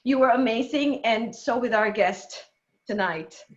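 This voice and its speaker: A woman's voice: a little high, unhurried, highs cut off. A woman hosting a live online show and closing it with effusive, emotional thanks. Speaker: show host and author.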